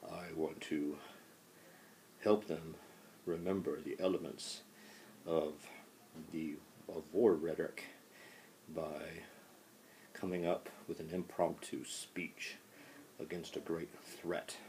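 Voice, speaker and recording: A man's voice: a bass voice, fairly even intonation, takes it slowly, long pauses, darkish tone, slight background noise, exaggerated voice. A male professor voicing a George Washington figure in a playful, mock-solemn classroom bit.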